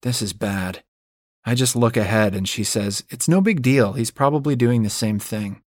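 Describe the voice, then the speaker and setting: A man's voice: on the low side, dry recording, clean studio sound. A man reading a first-person audiobook in a wry, self-mocking storytelling manner. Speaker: audiobook narrator.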